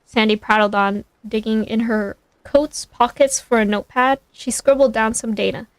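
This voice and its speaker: A woman streamer reads a story aloud in a casual manner, fixing her slips as she goes. Her voice sits a little high for a woman. It is recorded dry and close on a streaming mic. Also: no echo. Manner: reads aloud with quick self-corrections. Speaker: streamer reading fan fiction.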